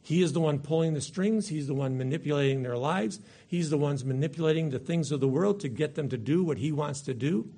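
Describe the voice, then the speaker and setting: Gravelly, husky-voiced male preacher. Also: fairly high pitch, fairly quick, few pauses, mellow. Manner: emphatic, repeats key points for stress. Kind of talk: sermon with scripture reading.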